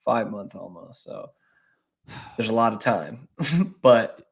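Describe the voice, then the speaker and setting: A man's voice: fairly low pitch, takes it slowly, gravelly. Easygoing man asking questions. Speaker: podcast co-host. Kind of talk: casual sports podcast chat.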